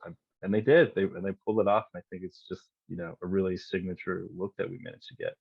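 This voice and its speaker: A relaxed director talks through his shoot in an unhurried, hesitant way. His voice is very low. The recording is dull and dry, with no room around it. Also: gravelly, breathy edge, no echo. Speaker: film director guest. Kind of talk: casual interview chat.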